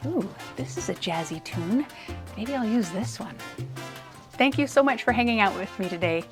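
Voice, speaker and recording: A woman's voice: medium pitch, animated, moderate pace, loud music behind the voice. A woman presenting a brick-building session for children in a playful, chatty way, often muttering and whispering asides to herself. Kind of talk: casual build-along narration for kids.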